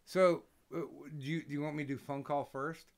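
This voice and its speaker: A man's voice: a little high, steady tone, fairly quick. Hesitant, blunt-talking male streamer. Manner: hesitant, lots of ums, blunt swearing. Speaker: streamer host. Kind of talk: casual live-stream chat.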